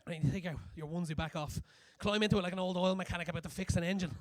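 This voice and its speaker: A young man doing a crude, animated stand-up comedy set on a club stage, acting out scenes as he goes. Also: high voice, rapid-fire, no echo.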